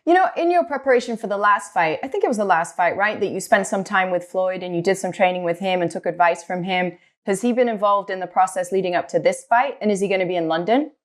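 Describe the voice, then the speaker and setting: A woman's voice: medium pitch, fast, hardly any pauses. A woman hosting a sports show who asks questions in a friendly way and laughs often. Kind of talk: interview questions.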